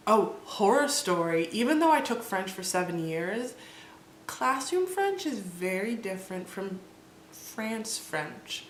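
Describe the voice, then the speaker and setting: Woman, 20s, chatty vlogger, slightly low voice, echoey room. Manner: rambling, animated, laughs often, many restarts. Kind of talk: casual storytelling vlog. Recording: echoey room with faint noise.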